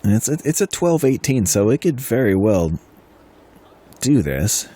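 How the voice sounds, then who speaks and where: A man's voice: medium pitch, very animated, unhurried, mellow. A man running a tabletop wargame session, explaining rules casually and chuckling often. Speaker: game master. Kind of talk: casual tabletop game talk.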